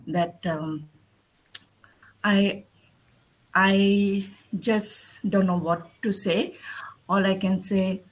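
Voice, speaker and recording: A woman's voice: medium pitch, rough recording. A woman on a live video call giving an earnest birthday tribute, searching for words.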